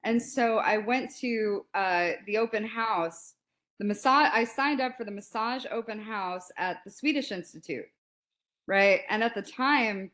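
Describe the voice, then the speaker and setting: Lively woman in her 40s telling a story, mid pitch, acts out what people said. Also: a little slow. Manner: animated, laughs often, acts out quotes. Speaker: guest. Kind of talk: casual storytelling.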